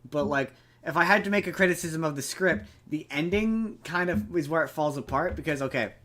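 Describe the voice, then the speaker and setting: A young man on a podcast talks through a film's plot in a rambling, casual way. He stops and restarts often and leans on fillers. His voice sits a little high. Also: fairly quick, fairly bright tone. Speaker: podcast co-host. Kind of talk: casual movie chat.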